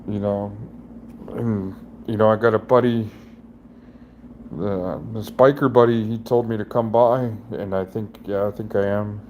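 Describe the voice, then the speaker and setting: A middle-aged man in a personal vlog, talking in a halting, rambling way with many restarts, emotionally raw and near tears. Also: on the low side, fairly even intonation, muffled recording, slight background noise. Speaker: vlogger.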